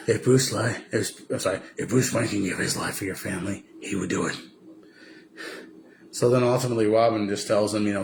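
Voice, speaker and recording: A man's voice: on the low side, brisk, vocal fry, noisy background. Rambling man recapping a movie. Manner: rambling, many fillers and restarts, slips into impressions. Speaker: vlogger.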